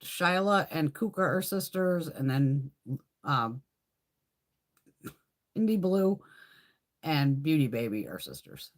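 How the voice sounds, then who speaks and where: A woman's voice: low voice, very animated, slow, pauses often. A middle-aged woman chatting casually on a live stream, telling stories with lots of swearing and frequent laughter. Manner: profane, storytelling, laughs often. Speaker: beauty vlogger hosting a live chat.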